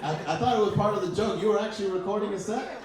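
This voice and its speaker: A man's voice: high-pitched, rapid-fire, a loud crowd, heavy background noise. A man hosting a comedy night, introducing acts and teasing them with upbeat patter. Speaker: comedy show host. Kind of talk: emcee introductions. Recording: echoey room, distant mic, loud music.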